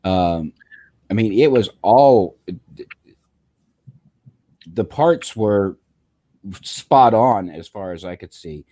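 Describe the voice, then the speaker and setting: Low, lively-voiced man, hesitant guest. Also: slow, long pauses. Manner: hesitant, many ums and false starts. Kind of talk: casual movie review chat.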